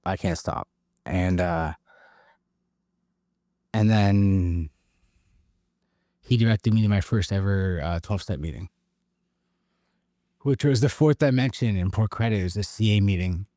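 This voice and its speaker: A man from Canada candidly telling his recovery story in an interview, halting and emotionally raw. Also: fairly low pitch, dark tone, no room sound, studio quality. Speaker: guest sharing recovery story.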